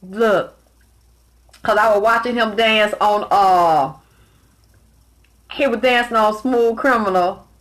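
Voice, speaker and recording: A woman's voice: mid-range voice, takes it slowly, pauses often. Blunt, profane woman spiritual reader. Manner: blunt, profane, animated storytelling. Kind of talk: casual monologue.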